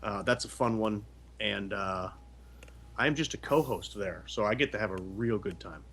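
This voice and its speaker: A man's voice: lowish voice, normal speed, a bit bright, breathy edge. Male podcast guest, rambling jokey delivery, lots of fillers. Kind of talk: casual chat.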